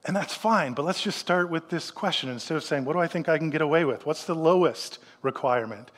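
Conversational preacher in a reverberant hall. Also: male voice, a little high, brisk, a bit bright. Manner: conversational preaching with rhetorical questions and quoted voices. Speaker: pastor. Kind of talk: sermon.

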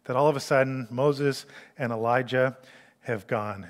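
A man preaching a sermon in an animated way, acting out the voices he quotes. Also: medium pitch, a little slow, long reverb tail.

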